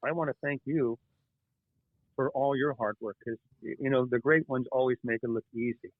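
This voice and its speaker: A man, the guest author, telling animated stories in an interview, halting and restarting often. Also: medium pitch, no echo. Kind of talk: storytelling interview chat. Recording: tinny phone-like line.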